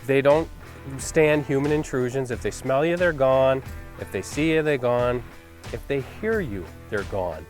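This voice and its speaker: A male hunting-show host talks through the hunt in a mid-range voice, loose and conversational, with plenty of fillers. He sounds enthusiastic about the animals and the land, and soft music runs beneath him. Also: mid-range voice, a little slow. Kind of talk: reflective interview-style commentary.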